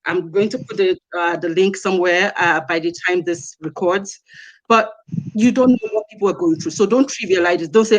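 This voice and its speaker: A woman's voice: medium pitch, brisk, rough recording. Earnest woman telling stories. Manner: earnest, emphatic, repeats key points. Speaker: guest speaker. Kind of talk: personal storytelling in a live-stream interview.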